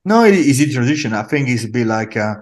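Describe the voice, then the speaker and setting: A man with a French accent, an actor, talking through an interview in an animated, rambling way and repeating words as he goes. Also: mid-range voice, quick pace. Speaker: actor guest. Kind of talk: casual interview chat.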